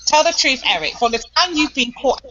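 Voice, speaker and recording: A woman's voice: high voice, lively intonation, brisk, bright, forceful tone. A British woman in casual chat, frank and emphatic, swearing now and then. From Britain. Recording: dull lo-fi audio with faint noise.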